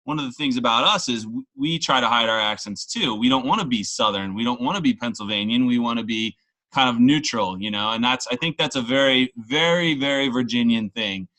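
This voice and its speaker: A man with a bright, forceful voice talks in a loose, rambling way, full of self-mocking asides. He is from the Washington, D.C. area and hosts a casual, tipsy chat. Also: mid-range voice, a little fast, low-quality recording.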